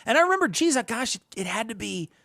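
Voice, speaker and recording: A man from Northern Illinois co-hosting a podcast, talking in a rambling, animated way with restarts and swearing. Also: very high voice, fast talker, gravelly, no room sound, clean studio sound. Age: adult, past college. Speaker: podcast co-host. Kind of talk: casual chat.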